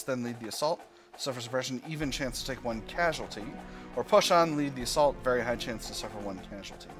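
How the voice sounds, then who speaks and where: A man at a mid-range pitch hosts a gameplay video, reading narration and musing aloud over each move. He often stops and restarts his sentences as he thinks. Soft music plays behind him. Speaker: gaming channel host. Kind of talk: let's play commentary, reading game text aloud.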